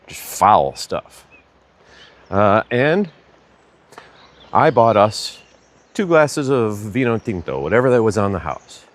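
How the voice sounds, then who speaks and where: A man's voice: on the low side, expressive, unhurried, pauses often. A man vlogging as he walks, telling a chatty, rambling story and correcting himself along the way. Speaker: vlogger walking a pilgrimage route. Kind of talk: casual storytelling to camera.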